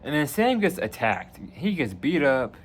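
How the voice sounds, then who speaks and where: A man casually reviewing a TV season on his channel, retelling scenes with lively energy and acting out lines. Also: a little high, measured pace, breathy edge. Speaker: video reviewer.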